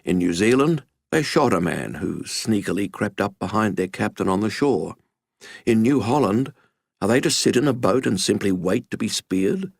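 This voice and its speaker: A man's voice: lowish voice, animated, moderate pace, vocal fry, dry recording, studio quality. A man reading a dramatic historical narration, quoting old journals as he tells the story.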